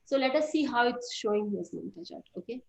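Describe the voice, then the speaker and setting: A woman's voice: a little high, lively intonation, fairly quick, vocal fry, a little mellow. A middle-aged woman gives a classroom lecture, explaining step by step and quizzing her students. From India. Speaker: astrology teacher. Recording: roomy, slightly dull recording.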